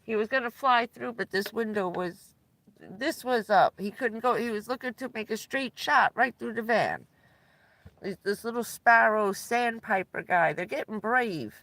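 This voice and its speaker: Slow, chatty woman who laughs a lot. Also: on the high side, a bit bright, dry recording. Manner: laughs often while telling stories. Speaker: livestreamer. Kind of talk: casual livestream chat. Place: inside a van.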